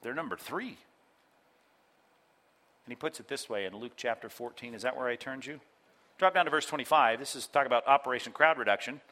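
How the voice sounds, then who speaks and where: Bright-voiced male pastor preaching. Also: mid-range voice, brisk, pauses often. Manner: animated, acts out quoted voices, addresses congregation directly. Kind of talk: sermon. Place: church.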